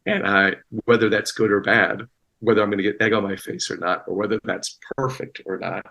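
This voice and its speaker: A man's voice: on the low side, fairly even intonation, a little fast, creaky, bright, forceful tone, rough recording. A man talking as a guest actor in a casual interview, rambling with many restarts and fillers.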